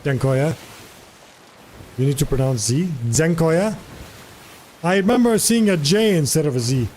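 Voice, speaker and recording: A man chats casually on a live stream, curious and talkative, repeating foreign words aloud to practice them. His voice sits on the high side, a little mellow and sing-song, and he talks fast over slight background noise.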